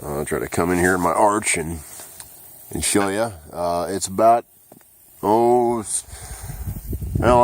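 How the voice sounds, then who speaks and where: A man's voice: low-pitched, a little hiss or hum. A man hosting a casual walkthrough of his vegetable garden, talking in an easygoing way with plenty of "uh" fillers. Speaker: gardening channel host. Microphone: handheld camera mic.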